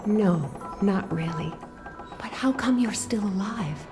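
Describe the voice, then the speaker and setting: An actress voicing a sharp-tongued young woman held captive in a video game, speaking in a sarcastic, teasing way. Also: mid-range voice, animated, slow pace, over music.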